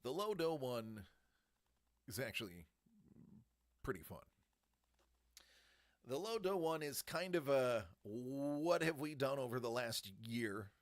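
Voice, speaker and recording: A man hosting a casual live stream, chatting upbeat with viewers, reading their comments aloud and muttering to himself as he works his setup. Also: medium pitch. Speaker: livestream host running card breaks and giveaways.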